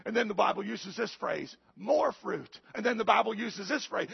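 A man, a pastor, preaching a sermon with a raspy voice, building to shouted climaxes and calling out to the congregation. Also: high-pitched, normal speed, few pauses, no echo, dull audio.

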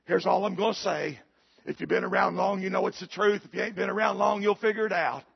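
A male preacher with a gravelly voice, telling a folksy story in a sermon that builds to shouted preaching, in a church. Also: high-pitched, fairly even intonation, fast talker, lo-fi sound.

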